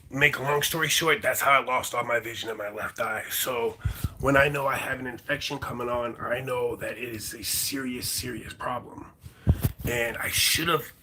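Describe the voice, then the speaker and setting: Bright-voiced man, rambling vlog story. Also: medium pitch, slight background noise, poor audio. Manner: rambling, repeats words, uses many fillers like "like". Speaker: vlogger.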